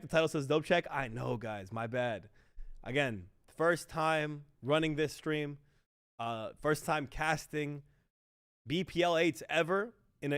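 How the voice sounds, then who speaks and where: A man casting an esports match on a livestream in a relaxed, chatty way, talking to his chat. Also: fairly high pitch, no room sound, studio quality. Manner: laid-back, chatty, apologetic about the stream. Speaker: esports caster. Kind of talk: casual livestream commentary.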